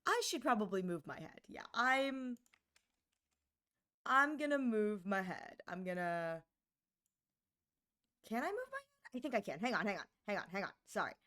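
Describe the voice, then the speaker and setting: A woman streaming live, chatting casually with her viewers in a bubbly, giggly, animated way. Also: medium pitch, normal speed, pauses often.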